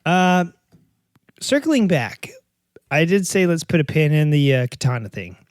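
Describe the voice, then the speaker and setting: A man's voice: on the high side, big pitch swings, unhurried, no echo, studio quality. A middle-aged man hosting a podcast in a casual, rambling monologue, joking and poking fun at himself, with many fillers and restarts. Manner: joking, self-mocking, lots of fillers and restarts. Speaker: podcast host.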